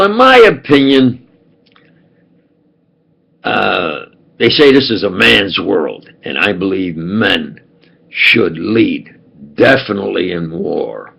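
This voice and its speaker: An older man with a New York accent, talking in a halting, wandering monologue full of fillers and restarts. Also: fairly low pitch, gravelly, a bit bright, rough recording. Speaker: video blogger. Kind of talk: rambling monologue.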